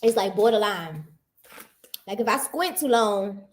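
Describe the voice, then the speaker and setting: A woman in casual livestream chat, animated and teasing, repeating herself for emphasis. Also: mid-range voice, measured pace, slight background noise.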